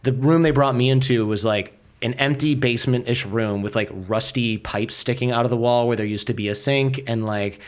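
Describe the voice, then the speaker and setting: A man being interviewed, telling a story in a lively, casual way and peppering his speech with "like". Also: medium pitch, moderate pace, few pauses. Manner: animated, acts out quoted voices, many filler "like"s. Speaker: podcaster guest.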